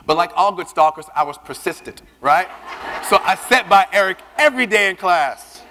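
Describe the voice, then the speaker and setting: A man with a somewhat high voice gives a keynote talk to a conference audience. He tells his story in a lively way and acts out the dialogue. His voice rings out with the long reverb of a big hall. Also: moderate pace, a little hiss or hum. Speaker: keynote speaker.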